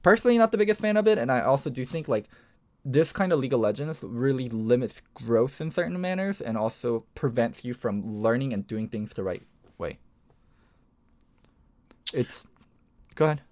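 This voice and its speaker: A man's voice: mid-range voice, animated, normal speed, pauses often, darkish tone. A man joining a casual esports podcast, talking enthusiastically and swearing now and then.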